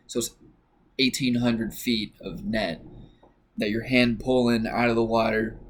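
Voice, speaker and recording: A young man casually telling a personal work story, rambling with lots of "like" and "you know" fillers. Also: mid-range voice. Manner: relaxed, rambling with many fillers.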